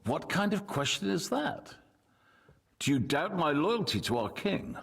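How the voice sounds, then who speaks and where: An actor playing a measured, diplomatic medieval nobleman who is loyal to his king, in video game voice acting. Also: on the high side, big pitch swings, vocal fry, fairly bright tone, breathy edge, full character voice. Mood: firm. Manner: diplomatic, composed.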